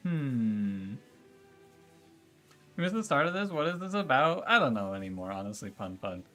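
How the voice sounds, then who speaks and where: Faint music plays behind this game streamer's sing-song, medium-pitched voice, which sounds pushed and bright at a moderate pace. Exasperated and profane, he rants at his viewers and talks back to chat in a casual livestream.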